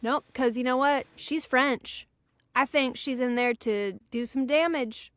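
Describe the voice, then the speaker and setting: Higher-voiced woman, dry close sound. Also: no echo. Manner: excited, chiming in with quick reactions and playful asides. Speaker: podcast co-host. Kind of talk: casual chat recapping a cartoon episode.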